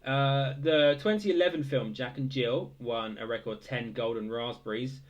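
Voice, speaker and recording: A young man hosts a casual quiz recap, pitched right in the middle for a male voice. He reads each answer in a relaxed, halting way, full of "uh"s and "um"s. Now and then he drops in dry, self-mocking jokes. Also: muffled recording. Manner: hesitant, many fillers, dry joking asides. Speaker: quiz host.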